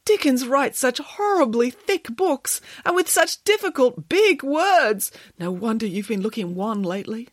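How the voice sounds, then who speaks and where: Une femme jouant un gros ours russe dramatique. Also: female voice, fairly high pitch, expressive, unhurried, few pauses, no room sound, studio quality, voice pushed up. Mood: fussy. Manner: dramatic, emphatic. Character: big fussy Russian male bear, protective brother.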